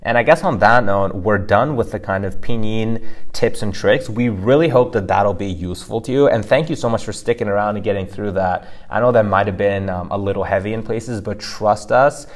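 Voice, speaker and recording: A man's voice: fairly low pitch, fairly quick, hardly any pauses. A man co-hosting a language-learning podcast, chatty, restarting phrases and using many fillers. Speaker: podcast co-host. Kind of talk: casual language lesson podcast.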